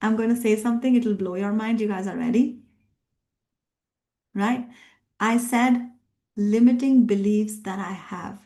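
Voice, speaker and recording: With a dark, mid-range voice, she speaks at a measured pace broken by long pauses. The speaker is a middle-aged NLP coach and workshop trainer, an immigrant living in Australia, emphatically repeating points and firing questions to rally her live workshop group.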